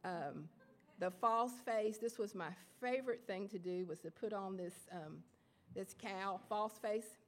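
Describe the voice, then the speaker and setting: A woman from Appalachian Kentucky lectures to writers in a lecture hall, her voice mid-range. She's the guest lecturer, and her talk is hesitant and self-mocking, packed with fillers and false starts.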